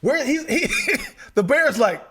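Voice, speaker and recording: A man co-hosting a casual podcast chat, excitable, stammering and acting out little quotes as he argues his point. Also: very high-pitched, slow, slightly rough. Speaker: podcast co-host.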